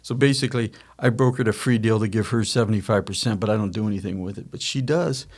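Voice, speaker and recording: A man's voice: fairly low pitch, fast, darkish tone. A middle-aged man hosting a podcast, telling a family business story in a rambling, self-correcting way and acting out quoted dialogue. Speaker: podcast host, company founder. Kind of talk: casual storytelling chat.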